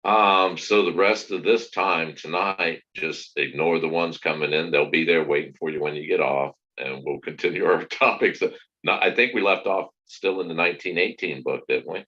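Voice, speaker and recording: A man co-hosting a casual chat, speaking calmly and with some hesitation. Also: deep voice, normal speed, lo-fi sound.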